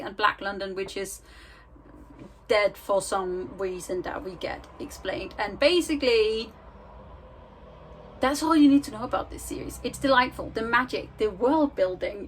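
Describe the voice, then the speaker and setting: A woman's voice: fairly high pitch, a little hiss or hum, low-quality recording. A young woman in a casual reading vlog, talking chattily and with self-mocking humor from home into a handheld camera. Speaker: book vlogger.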